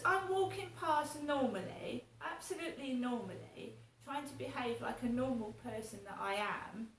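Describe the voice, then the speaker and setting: A woman's voice: fairly high pitch, a bit bright, a little hiss or hum. A woman vlogging in a rambling, indignant monologue, swearing as she talks. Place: home flat. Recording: roomy echo, distant from mic.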